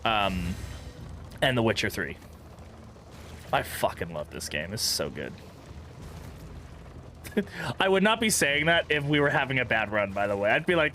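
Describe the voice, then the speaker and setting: A man's voice: mid-range voice, sing-song, unhurried, pauses often, sharp tone, slight background noise. A young man streaming a game, chatting casually, swearing freely and laughing often. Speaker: gaming streamer. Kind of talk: casual let's-play commentary.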